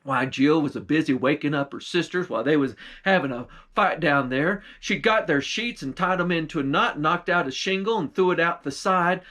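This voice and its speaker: A man's voice: a little high, fairly bright tone. Folksy male pastor telling a tale. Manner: folksy rural dialect narration. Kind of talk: folktale storytelling.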